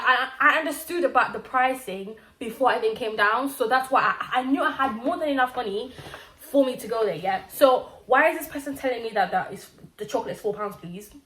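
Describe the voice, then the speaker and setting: A young woman from Zimbabwe, telling a casual storytime vlog in an animated, slangy way with acted-out quotes. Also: fairly high pitch. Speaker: vlogger. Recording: roomy echo.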